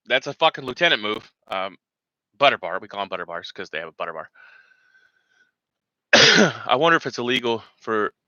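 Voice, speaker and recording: A man's voice: medium pitch, pushed and bright, no room sound, muffled recording. A man hosting a veterans' show, ranting in heated, rambling, profane commentary.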